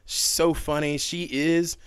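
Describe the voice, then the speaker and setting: A young man on a podcast, telling stories in a casual, animated way, laughing often and leaning on fillers. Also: on the high side, unhurried, clear, resonant tone, dry recording. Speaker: podcast guest. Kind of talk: casual storytelling chat.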